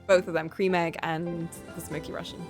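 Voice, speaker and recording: A woman's voice: lowish voice, little pitch movement, normal speed. A young adult woman streaming a game, chatting casually and giggling, with the odd swear word. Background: faint game music.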